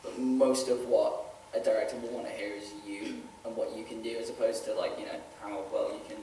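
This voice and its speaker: A man's voice: lowish voice, little pitch movement, a little fast, mellow. A British man, a panelist explaining things eagerly on a convention panel. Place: convention hall. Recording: echoey hall from far off, faint noise.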